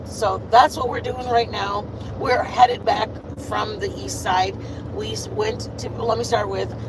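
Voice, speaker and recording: A woman talks into her phone from inside a moving car, with loud road noise rumbling under her voice. She rambles through a casual, sassy rundown, full of fillers and asides. Her pitch sits right in the middle for a woman. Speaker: streamer. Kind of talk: casual drama rundown stream.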